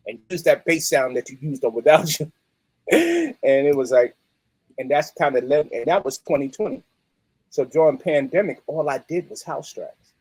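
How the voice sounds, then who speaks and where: Husky New man, animated storyteller. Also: on the high side, normal speed, no echo, rough recording. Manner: animated, streetwise, peppered with "you know what I mean". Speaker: guest musician and producer. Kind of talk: casual interview storytelling.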